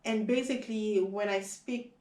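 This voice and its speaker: A young woman from Haiti whose first language is Haitian Creole, chatting casually as an interview guest, lively and full of "like"s. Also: mid-range voice, normal speed. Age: young adult. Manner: chatty, animated, many "like"s. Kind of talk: casual conversation. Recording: echoey room.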